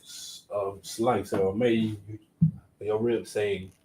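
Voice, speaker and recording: A male student answering a teacher in class, halting and hesitant with many fillers. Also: fairly low pitch, little pitch movement. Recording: echoey room, far from the mic, faint background noise.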